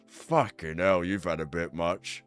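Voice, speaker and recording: A man's voice: deep voice, a little slow, clean tone, no room sound, soft background music. A man voicing a blunt, swearing stablehand who guards horses and loses patience with a drunk. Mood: exasperated.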